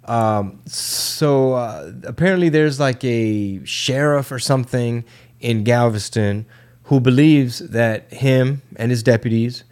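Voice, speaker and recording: A man's voice: mid-range voice, takes it slowly, darkish tone, clean tone. A man co-hosting a podcast, telling a story in loose, profane slang and acting out the quotes. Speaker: podcast co-host. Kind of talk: casual chat, storytelling.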